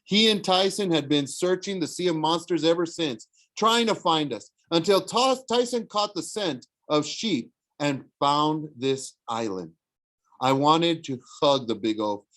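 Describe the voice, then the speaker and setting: A man reading a novel aloud in the first person, expressive, with small slips and restarts. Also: a little high, unhurried. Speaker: audiobook narrator.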